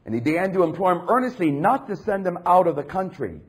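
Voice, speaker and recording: Male preacher, husky voice, very lively pitch; dramatic sermon delivery swinging between hushed and loud. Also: fast talker.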